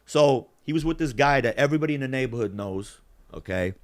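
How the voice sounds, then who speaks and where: A male podcast host with a mid-range voice and a brisk pace shares a story in casual, profane banter, animatedly voicing the quotes of those involved.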